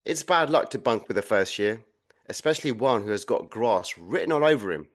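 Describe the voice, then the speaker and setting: A man playing a clueless, grumpy soldier in an audio comedy, blunt and gruff. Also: on the low side, lively intonation, fairly quick. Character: dim, grumpy male soldier bunkmate.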